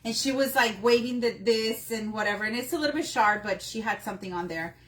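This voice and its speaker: A woman's voice: fairly high pitch, fairly quick, fairly bright tone. A woman hosting a live craft tutorial on her phone, chatting and greeting viewers by name between steps. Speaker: craft workshop host.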